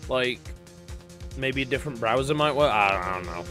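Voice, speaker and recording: A man's voice: medium pitch, animated, moderate pace, pushed and bright, soft background music. A man streaming a video game, chatting casually with his viewers, joking and swearing freely. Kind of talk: casual let's-play chat and reading game dialogue aloud.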